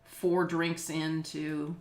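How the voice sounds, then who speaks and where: A woman's voice: sits low, flat delivery, very slow, a little mellow. A middle-aged woman from Los Angeles who teaches business law, chatting casually on a video call, with lots of fillers and easy laughs. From Los Angeles, United States. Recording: echoey room.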